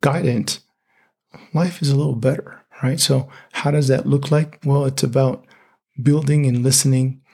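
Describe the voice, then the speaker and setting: Husky guy guesting on a faith podcast, laid back, lots of yeahs and rights. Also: mid-range voice, moderate pace. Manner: relaxed, short affirming replies. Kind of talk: casual faith podcast chat.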